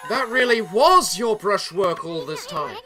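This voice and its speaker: A woman's voice: medium pitch, expressive, unhurried, crowd noise, close to an everyday voice. Woman reading a cheeky cocky little companion. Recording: game music behind.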